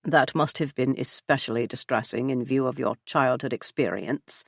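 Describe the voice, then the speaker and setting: A woman's voice: rumbling low, normal speed, gravelly, slightly rough, dry recording, voice pushed down, exaggerated voice. A woman reading an audiobook voices an elderly male intelligence chief, formal and clipped, full of dry understatement. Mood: wry. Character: elderly male British spymaster, bedridden, dry and wry. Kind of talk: audiobook character voice.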